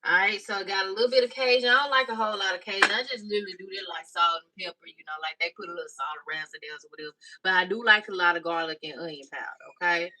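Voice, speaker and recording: A woman's voice: medium pitch, rapid-fire, hardly any pauses, sharp tone. A woman chatting casually through a cooking tutorial, calling viewers "y'all" and "baby". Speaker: cooking vlogger. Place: home kitchen. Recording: slightly distant mic with faint noise.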